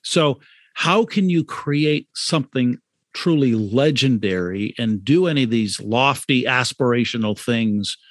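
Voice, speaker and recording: A man talks through his ideas on brand and identity in a steady middle register. He leans on repetition and rhetorical questions to drive home each point. The sound is close and dry, with no room around it. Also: mid-range voice, no echo. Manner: emphatic, repeats key points, rhetorical questions. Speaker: author and brand consultant, guest. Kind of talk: conversational podcast interview.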